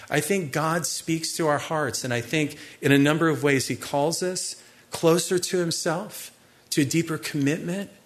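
A man preaching a sermon, animated and conversational, pushing his voice higher and louder for emphasis and addressing the congregation directly. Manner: animated, rising in pitch and volume for emphasis.

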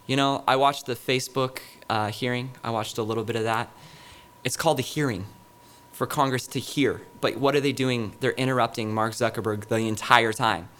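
A man's voice: lowish voice, a bit bright. A middle-aged male pastor giving a sermon in a conversational, storytelling way, with many fillers and restarts. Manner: conversational, anecdotal preaching with frequent fillers.

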